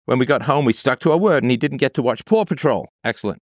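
A man's voice: mid-range voice, expressive, quick pace, no room sound. A man with a mid-range voice reads a text aloud and keeps stopping to tear into it. His commentary is sarcastic and emphatic, and he drives points home by repeating them. The recording is dry, with no room sound. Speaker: commentator reading and reacting to a text. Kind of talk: reading aloud and ranting commentary.

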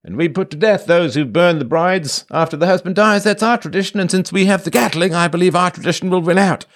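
A man's voice: high voice, a little fast, pitched above the performer's own voice. A man voicing a pompous nineteenth-century British imperialist officer, older and blustering, with a British accent. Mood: smug.

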